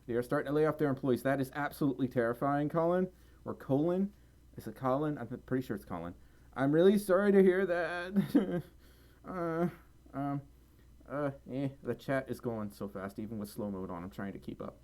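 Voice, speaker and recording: A man's voice: mid-range voice, brisk, darkish tone. A man from Mississippi hosting a casual livestream, reading chat aloud, tired and rambling with frequent laughs. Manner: chatty, giggly, tired and rambling. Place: home room.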